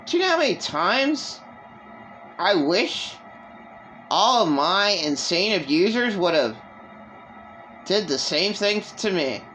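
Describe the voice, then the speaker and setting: A woman vlogging an emotional personal monologue, rambling and halting with many restarts. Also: mid-range voice, big pitch swings, a bit bright, faint music behind, low-quality recording.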